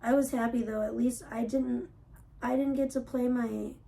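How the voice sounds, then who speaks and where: A woman streaming live from her home computer room, chatting loosely and cursing without a second thought. Her fairly high voice has a gravelly fry and a soft, mellow tone. She sits back from the mic in an echoey room. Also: fairly even intonation, normal speed. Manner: chatty, swears freely. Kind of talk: casual live-stream chat. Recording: echoey room, mic at a distance, faint hiss.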